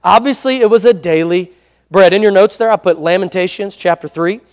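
High pitched guy preaching, easygoing, lots of amens, big echoey hall. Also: fairly quick. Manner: conversational preaching with frequent amen prompts. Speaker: pastor. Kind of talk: sermon. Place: church hall. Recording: long hall reverb.

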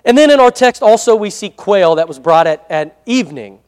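High-voiced man preaching in a hall. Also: expressive, a little fast, darkish tone, smooth. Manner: conversational preaching with frequent amen prompts. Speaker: pastor. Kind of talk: sermon. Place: church hall. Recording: long hall reverb.

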